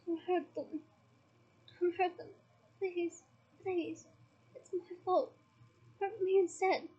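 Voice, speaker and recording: A woman's voice: very high-pitched, flat delivery, extremely slow, warm tone, dull audio, exaggerated voice. A woman voicing a tormented elderly male wizard who begs and wails, reading aloud from a book. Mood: pleading. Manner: begging, wailing, breaking into sobs.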